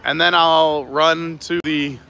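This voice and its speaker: A man's voice: on the high side, fairly even intonation, takes it slowly, vocal fry, sharp tone. A man hosting a casual live stream outdoors at a theme park, chatting and laughing often while walking around.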